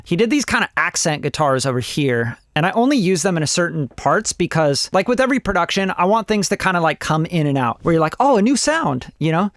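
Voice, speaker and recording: A man's voice: a little high, no room sound, clean studio sound. A young adult man, a music producer, walking through a mix in an enthusiastic, casual tutorial style. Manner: enthusiastic, gushing, conversational.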